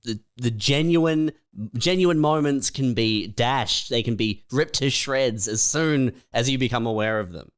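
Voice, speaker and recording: Smooth-voiced man musing in chat. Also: mid-range voice, a little slow, no room sound, clean studio sound. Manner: thoughtful, hesitant, laughs along. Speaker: podcast co-host. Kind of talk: casual comedic chat.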